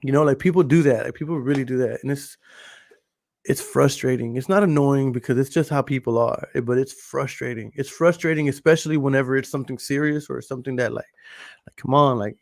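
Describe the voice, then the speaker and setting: A man, a podcast host talking loudly and passionately in a casual monologue to a camera in front of a green screen. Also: mid-range voice, a little fast, gravelly. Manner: loud, passionate talker. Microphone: camera recording.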